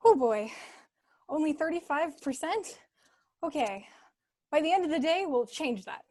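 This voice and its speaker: A woman reading the part of an eager, peppy town official in a script reading. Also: sits high. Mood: upbeat. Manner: bubbly, rapid excited delivery. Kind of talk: script reading over video call.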